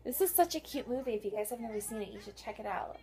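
A woman's voice: a little high, animated, fast. A young woman vlogging, bubbly and giggly, gushing over food and places with a friend. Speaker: beauty vlogger. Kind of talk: casual vlog chat. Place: outdoors at the beach, restaurants. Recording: loud background music. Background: loud music.

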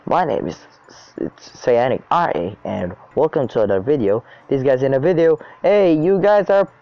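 A young man casually commenting on his own gameplay as a channel host, excitable and swearing freely. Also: mid-range voice, normal speed, gravelly, dull audio. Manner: excitable, swears a lot, shrieks when chased. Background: faint background music.

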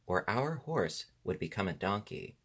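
A man doing a spirited, quick-tempered young boy. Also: lowish voice, very animated, fairly bright tone, husky, full character voice. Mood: eager. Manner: raised, emphatic voice.

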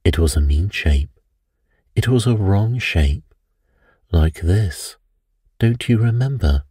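A man voicing a calm, thoughtful middle-aged priest detective who reasons things out in an unhurried way, read for an audiobook. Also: low voice, husky, dry recording, clean studio sound, full character voice. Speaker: priest sleuth. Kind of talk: audiobook character reading.

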